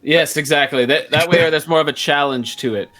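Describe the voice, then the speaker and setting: A man's voice: on the high side, fairly quick, bright, forceful tone. A man in a casual panel chat, playfully exaggerating a joke.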